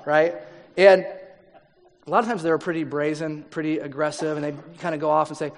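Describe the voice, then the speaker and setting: High-voiced pastor preaching in a hall. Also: male voice, fairly even intonation, fairly quick. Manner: conversational, asks the audience questions; acts out quoted people in voices. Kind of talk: sermon.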